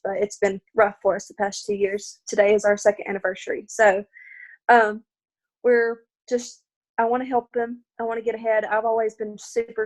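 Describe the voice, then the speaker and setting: A young woman with a Southern American accent from Arkansas, sharing a personal testimony, tearful and laughing through her nerves. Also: medium pitch. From Arkansas, USA. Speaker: team member sharing her story.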